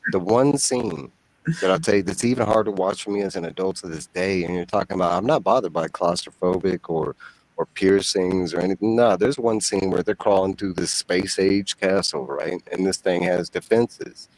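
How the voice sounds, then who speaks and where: A man with a fairly low voice talking casually on a podcast. He takes his time setting up each topic and explains scenes at length, in a relaxed and easygoing way. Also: normal speed, no echo, poor audio. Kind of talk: casual chat.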